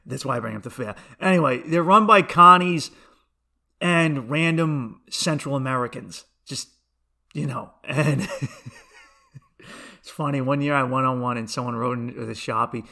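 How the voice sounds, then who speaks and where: A male comedian tells a rambling story in a casual podcast monologue, often restarting and breaking off into asides. His voice is bright and sharp at a middling pitch. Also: moderate pace, vocal fry.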